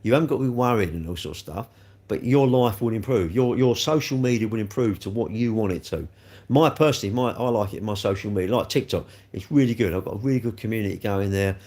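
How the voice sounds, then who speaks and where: A man's voice: on the low side, fast, a little mellow. A man streaming live, rambling and repeating himself as he talks straight to viewers about their comments. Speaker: livestreamer.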